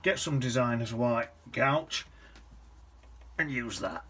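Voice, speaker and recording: With a medium-pitched, animated voice, a man gives a watercolour lesson a little slowly against slight background noise. He's conversational and relaxed, and he often lowers his voice to a whisper or hums while painting.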